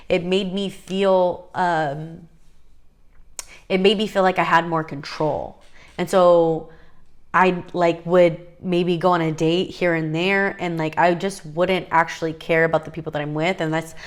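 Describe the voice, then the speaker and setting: A young adult woman vlogger talking casually and earnestly, confiding with fillers and restarts. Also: on the low side. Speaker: faith vlogger. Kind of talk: casual heartfelt talk to camera.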